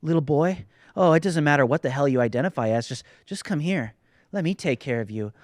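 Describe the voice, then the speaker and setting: A man voicing a creepy adult man luring a child, in a low, hushed, leering croon. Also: lively intonation, a little fast, no echo, studio quality, lightly acted.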